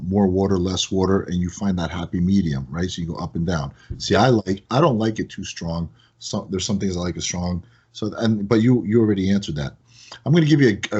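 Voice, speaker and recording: A product company owner appearing as a podcast guest tells stories casually and with lots of energy, his voice rising high when he gets excited. His voice is slightly rough, and the sound is lo-fi.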